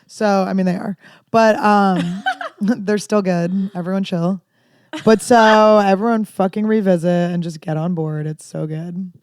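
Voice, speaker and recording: Woman comedian, thirties, rambling candid storyteller, dark humor, dry close mic. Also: medium pitch, steady tone, a little slow, no echo. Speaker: comedian guest. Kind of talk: casual podcast chat.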